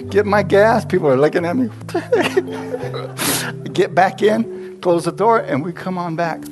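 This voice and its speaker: A man's voice: high voice, big pitch swings, slow pace, over music. A male pastor telling a personal story in a sermon, chatty, laughing often and asking the congregation questions.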